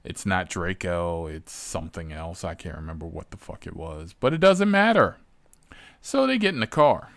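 A man, a rideshare driver, telling stories in a profane, animated, exasperated way. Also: low voice, moderate pace, creaky, no echo, clean studio sound. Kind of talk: casual storytelling.

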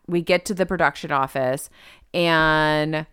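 A woman co-hosting a casual podcast chat, recapping a TV show and quoting characters in bright, exaggerated voices. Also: low-pitched, steady tone, measured pace, clean tone, dry recording, studio quality. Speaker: podcast co-host.

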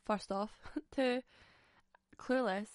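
A woman's voice: on the high side, fairly even intonation, drawn-out words, no echo, clean studio sound. Sweary, chatty woman podcaster. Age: 20s. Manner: chatty, sweary and frank, laughs often. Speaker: podcast host. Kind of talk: casual solo podcast chat.

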